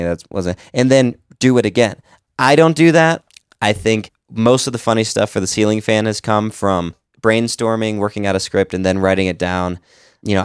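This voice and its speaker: A man's voice: lowish voice, clean tone, no room sound, studio quality. A man and podcast host giving casual, conversational advice on editing, explaining with examples. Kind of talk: casual instructional talk.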